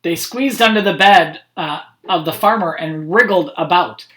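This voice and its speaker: A man's voice: high voice, normal speed, pushed and bright. A man, a school principal, reading picture books aloud to students online, with friendly, chatty asides. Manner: friendly, chatty asides between read passages.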